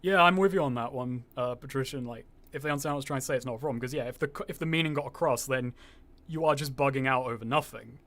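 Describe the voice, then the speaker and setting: This gaming streamer is a young man with a slightly posh-sounding voice who rambles to his viewers, swears without restraint and reads chat aloud. He talks fast at a medium pitch, with a fairly bright tone.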